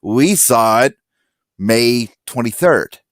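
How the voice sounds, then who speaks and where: A man telling stories in a casual podcast chat, acting out quotes loudly. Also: mid-range voice, slow, dry recording, studio quality. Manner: animated storyteller, acts out quotes loudly. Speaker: podcast guest.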